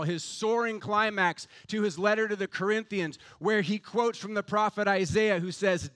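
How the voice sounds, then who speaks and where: Man, pastor, fervent sermon, rhetorical build, fairly high voice. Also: a bit bright, clear, resonant tone.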